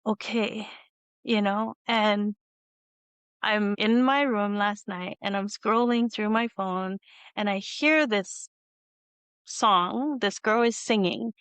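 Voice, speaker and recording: A woman's voice: mid-range voice, takes it slowly, fairly bright tone, clean tone, no room sound. A woman hosting a video-call interview, telling a long personal story in a rambling, tearful way with frequent laughs. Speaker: host. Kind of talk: emotional conversational storytelling.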